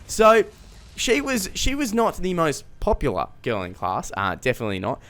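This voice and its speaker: A man's voice: on the high side, wildly swooping pitch, normal speed, a bit bright. A young man telling a rambling, self-mocking story in a casual comedic vlog, chuckling mid-sentence. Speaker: vlogger.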